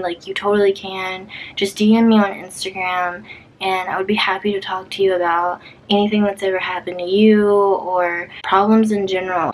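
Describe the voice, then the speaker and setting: A woman's voice: medium pitch, slight background noise, rough recording. A young woman YouTuber telling a personal story to camera in a storytime vlog, chatty and full of fillers, acting out what people said. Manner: chatty, many fillers, acts out quotes.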